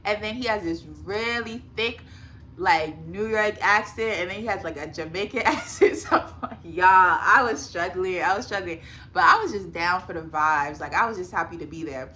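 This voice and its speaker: Young woman, casual storytime vlog, chatty with lots of fillers, bright voice, faint room hum behind. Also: lowish voice, moderate pace. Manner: chatty, addresses viewers as y'all, many fillers. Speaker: vlogger.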